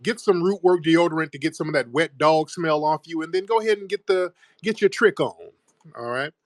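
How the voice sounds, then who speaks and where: Male host, blunt and mocking, fairly high voice, dry sound. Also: a little fast, no echo. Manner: blunt, mocking, loud bursts. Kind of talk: call-in talk show.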